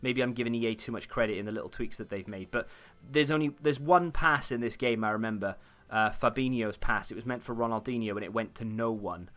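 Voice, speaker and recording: A man's voice: medium pitch, a little fast, fairly bright tone. A young man chatting casually while commentating his own football video game, rambling with frequent fillers and restarts. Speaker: gaming YouTuber.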